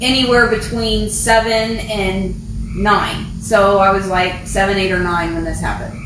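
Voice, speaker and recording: A middle-aged woman with a Texan accent, co-hosting a podcast and telling stories in an animated, casual way. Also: medium pitch, measured pace, background noise. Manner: chatty, animated storyteller. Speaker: podcast co-host. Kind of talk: casual chat. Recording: echoey room from a distance.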